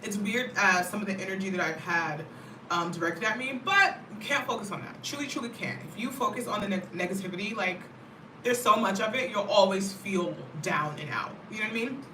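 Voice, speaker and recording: Bright-voiced American woman vlogging. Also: medium pitch, brisk, slight background noise. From United States. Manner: animated, talkative, frequent "you know what I mean". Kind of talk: casual chat to camera. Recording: roomy, mic at a distance.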